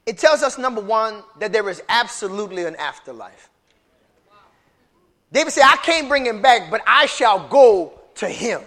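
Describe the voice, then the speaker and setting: A man preaching a sermon to a congregation, repeating phrases for emphasis and building into shouted call-and-response. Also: high voice.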